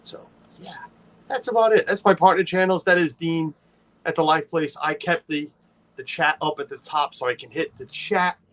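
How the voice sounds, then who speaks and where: A man's voice: on the high side, moderate pace, fairly bright tone. A man hosting a casual livestream, chatty and playful, greeting viewers by name and teasing his co-host.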